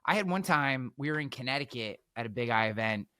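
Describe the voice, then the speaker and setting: A man telling stories as a podcast guest, energetic, repeating words and acting out quotes. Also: mid-range voice, quick pace, clear, resonant tone, no echo, studio quality. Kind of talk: animated storytelling.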